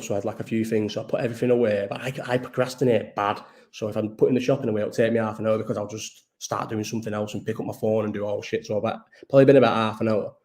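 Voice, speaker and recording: A man's voice: fairly low pitch, darkish tone. A tired man, hosting a live chat in a rambling casual way, swearing often and trailing off mid-sentence. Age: 30s.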